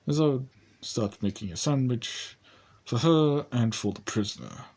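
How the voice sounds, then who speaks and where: A young man casually narrating a homemade first-person story, rambling and halting, speaking his own character's lines. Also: medium pitch, darkish tone, slightly rough.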